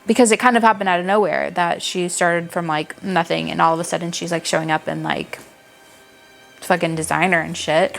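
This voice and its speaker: A young woman reviewing books in a casual, animated chat, gushing and swearing freely. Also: on the low side, moderate pace, gravelly, faint music behind. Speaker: book reviewer.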